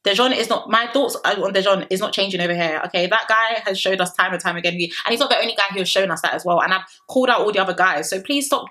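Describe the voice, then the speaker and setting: Young woman ranting about a dating show, sassy and chatty, bright voice. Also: mid-range voice, quick pace, few pauses. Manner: chatty, sassy, animated, with frequent rhetorical questions. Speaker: reality show reviewer. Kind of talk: casual commentary vlog.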